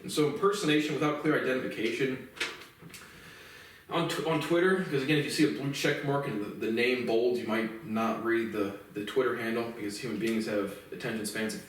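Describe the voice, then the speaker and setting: A man's voice: medium pitch, fairly even intonation, fairly quick, a little hiss or hum. A man giving a profane, rambling and indignant solo commentary. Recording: very echoey room, mic far off.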